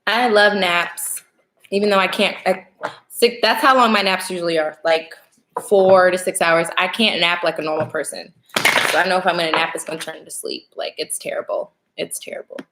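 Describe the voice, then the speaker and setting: A woman's voice: fairly low pitch, fairly even intonation, a little fast, noisy background. A young woman hosting a casual live stream as a tarot reader, chatting, greeting viewers by name and laughing often.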